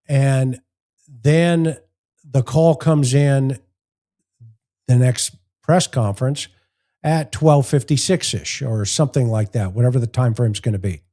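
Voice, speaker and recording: A man's voice: mid-range voice, mellow. A man, a former investigator hosting a show, giving plain-spoken commentary on press conference clips and walking through his points one by one. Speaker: host analyzing press conference footage. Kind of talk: commentary with acted-out anecdotes.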